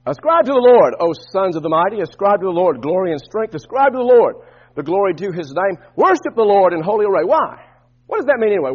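Man pastor preaching, high husky voice, rising to loud bursts then dropping soft, muffled church recording. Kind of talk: sermon.

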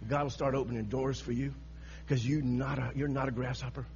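A man's voice: medium pitch, flat delivery, brisk, darkish tone, faint music behind. A man preaching a sermon, telling a story with frequent laughter and repeated phrases, on a dull lo-fi recording with a faint hum.

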